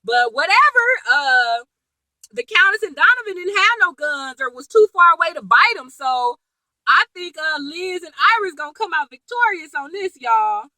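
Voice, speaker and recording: A woman casually recapping a TV episode in a chatty, animated way, laughing and full of slang and asides. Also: very high-pitched, normal speed, no room sound, low-quality recording. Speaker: TV episode reviewer.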